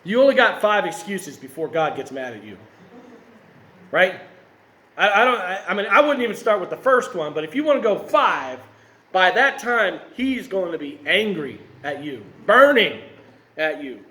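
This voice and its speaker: A man's voice: high voice, sing-song, normal speed, bright, forceful tone. A man preaching a sermon in a conversational way, tossing in rhetorical questions. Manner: conversational, with rhetorical asides and self-corrections.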